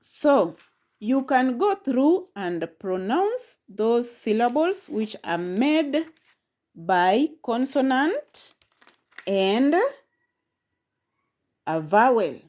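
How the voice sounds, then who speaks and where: A woman teaching a pronunciation lesson, saying each word slowly and repeating it several times. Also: on the high side, sing-song, a little mellow. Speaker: language teacher. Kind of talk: slow, drilled pronunciation lesson.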